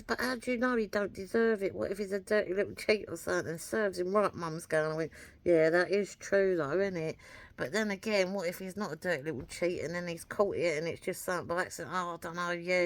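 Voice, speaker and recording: A chatty woman rambling through a story, slipping into the voices of what she said at the time. Her voice sits a little low for a woman, and the sound is dry and close with no room around it. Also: a bit bright, dry recording. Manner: rambling, chatty, acts out her own quoted words. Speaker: vlogger. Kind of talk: casual storytelling to camera.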